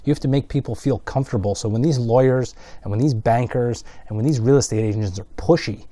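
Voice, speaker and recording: A man ranting in a casual vlog, rambling and exasperated, often mimicking the people he complains about. His voice is mellow and low in brightness, with no bounce from the room. The recording is close and dry. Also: fast, no room sound. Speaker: video blogger.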